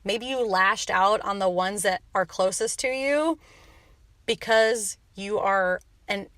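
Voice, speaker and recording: A woman's voice: mid-range voice, takes it slowly, a bit bright, no echo. A woman hosting a motivational podcast, talking in a passionate, blunt rant with some swearing. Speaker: podcast host and coach.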